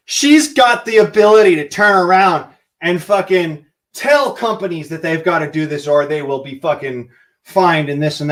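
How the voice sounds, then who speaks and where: A man hosting a livestream, delivering a heated, profane political rant while he is angry and worked up. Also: a little high. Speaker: livestream host.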